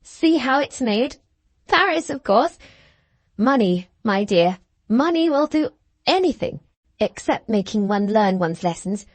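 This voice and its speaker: A woman's voice: a little high, very animated, measured pace, dry recording. A woman voicing a hard, bitter young schoolgirl who talks with satirical scorn in an audiobook. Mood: vain. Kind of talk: audiobook character reading.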